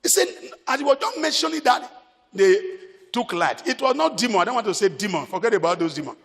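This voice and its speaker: A man's voice: sits high, animated, brisk, a bit bright, in a large hall. A Nigerian man preaching a sermon as pastor, emphatic, repeating his phrases.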